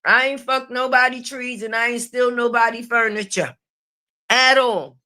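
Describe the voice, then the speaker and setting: A woman's voice: a little high, fairly even intonation, normal speed, pushed and bright. A middle-aged woman giving casual live-stream commentary, brash and profane, laughing often at her own jokes.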